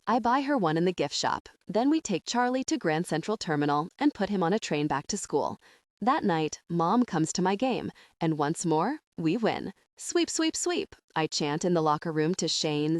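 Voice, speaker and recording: A woman narrating a first-person audiobook in an expressive, upbeat storytelling manner. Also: fairly low pitch, moderate pace, no room sound, clean studio sound.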